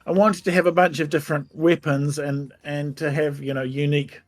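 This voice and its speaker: A man's voice: on the high side, level tone, a little fast, faint music behind. A man, a game developer, answering interview questions in a thoughtful, easygoing way that is often hesitant.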